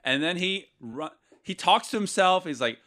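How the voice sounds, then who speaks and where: A man's voice: high-pitched, expressive, normal speed, pushed and bright. A man co-hosting a casual podcast, mocking a movie with sarcastic, profane remarks and frequent laughs. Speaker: podcast co-host. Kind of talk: casual movie review chat.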